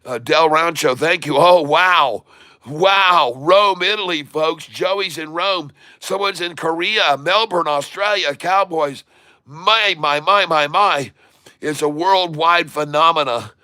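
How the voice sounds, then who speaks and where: A man from Michigan hosting a casual live stream, excitedly reading out viewer shout-outs. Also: a little high, unhurried, dry recording. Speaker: livestream host. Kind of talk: casual livestream chat.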